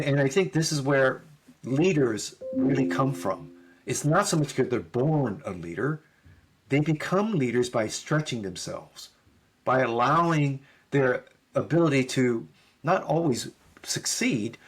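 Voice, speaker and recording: A man's voice: mid-range voice, expressive, unhurried, slightly rough. A middle-aged man, a podcast guest, telling a story in conversation and acting out both sides of the dialogue.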